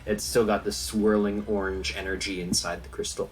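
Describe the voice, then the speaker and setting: A man narrating as game master in a relaxed, easygoing way. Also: lowish voice, moderate pace, slight background noise, rough recording.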